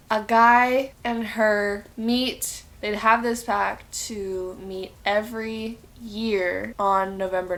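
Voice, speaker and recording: A woman's voice: medium pitch, fairly bright tone. A woman in a casual sit-down chat, talking straight to viewers and acting out her own thoughts in quotes. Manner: chatty, talks straight to viewers. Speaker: book reviewer.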